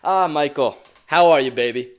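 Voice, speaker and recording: A man's voice: mid-range voice, lively intonation, quick pace, voice pushed up, natural voice. A man quoting a kind, bossy older woman janitor in a slightly raised, insistent voice. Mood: warm. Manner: insistent and warm.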